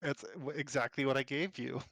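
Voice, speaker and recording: A man's voice: mid-range voice, fairly even intonation, brisk, gravelly, fairly bright tone, dry recording. A man running a tabletop game as game master, who narrates casually and laughs off his slips.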